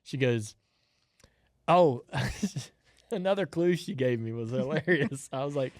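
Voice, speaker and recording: Man in his fifties, podcast co-host, animated storyteller, dry close mic. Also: mid-range voice, unhurried, no room sound. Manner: animated storyteller, laughs often. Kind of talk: casual storytelling chat.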